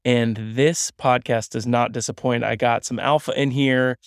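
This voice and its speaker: A man hosts a podcast in a loose, upbeat, conversational way. His voice sits at an ordinary middle pitch. The sound is dry and close, with no room echo. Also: steady tone, measured pace, smooth. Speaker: podcast host. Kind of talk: casual podcast chat.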